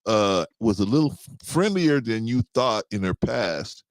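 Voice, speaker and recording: A man hosting a casual group chat, an animated storyteller who often laughs. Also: on the low side, unhurried, dry recording. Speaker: podcast host.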